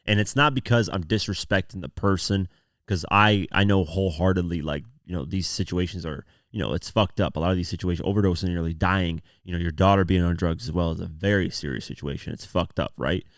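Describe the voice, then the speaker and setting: Young guy podcasting solo, real low voice, dry, kinda rambly with fillers. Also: fairly quick, dry recording. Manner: rambling storytelling, frequent "you know" and "man". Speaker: podcast host. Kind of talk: casual solo commentary.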